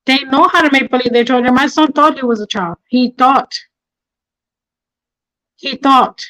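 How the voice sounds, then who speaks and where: A woman's voice: high voice, measured pace, fairly bright tone, low-quality recording. A middle-aged woman hosting a livestream, talking with anger and passion and repeating herself for emphasis. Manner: impassioned, repetitive, angry. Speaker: livestream host. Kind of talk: emotional livestream talk.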